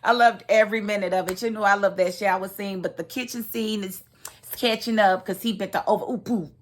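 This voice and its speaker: A woman giving a casual, expressive recap of a TV episode, laughing and acting out the characters' lines. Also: medium pitch, fairly quick, slight background noise. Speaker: TV recap host.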